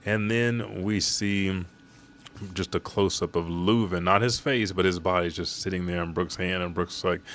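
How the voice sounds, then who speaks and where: A man's voice: deep voice, steady tone, moderate pace, fairly bright tone. A man casually recapping a manga chapter, rambling and swearing as he goes.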